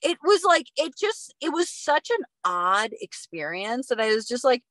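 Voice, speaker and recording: A woman guest on a podcast, telling a story in a casual, animated way with plenty of swearing. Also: a little high, normal speed, no room sound. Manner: animated and expressive, swears freely. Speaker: guest, professional runner.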